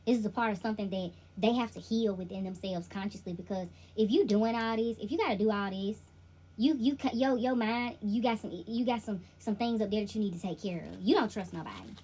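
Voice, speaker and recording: A woman's voice: mid-range voice, a little fast, dark tone, slightly rough, rough recording. A woman giving a casual tarot reading, speaking directly to the listener in an emphatic, repetitive, slangy way. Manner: informal slangy delivery. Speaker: intuitive tarot reader.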